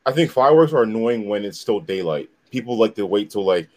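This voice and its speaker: A man's voice: fairly low pitch, expressive, brisk, darkish tone. A man in casual podcast chat, making blunt, exasperated remarks.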